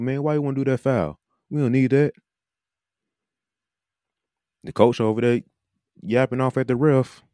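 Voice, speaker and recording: A man's voice: low-pitched, no echo, clean studio sound. A man, a podcast host and coach, talking casually and animatedly, now and then mimicking coaches mid-sentence. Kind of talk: casual monologue.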